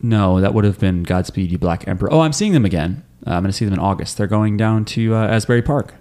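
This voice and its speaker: A man trades jokes with his co-hosts over a podcast recap. His voice sits a little low, loose and full of fillers. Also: fast, darkish tone. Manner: joking, rambling with fillers. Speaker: podcast co-host. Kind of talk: casual chat recap.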